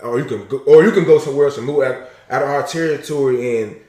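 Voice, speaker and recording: A man's voice: mid-range voice, fast talker, warm tone, far from the mic. A man explaining his view in casual podcast chat, rambling with many restarts. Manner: rambling, many restarts and "you know what I mean". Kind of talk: casual discussion. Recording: echoey room.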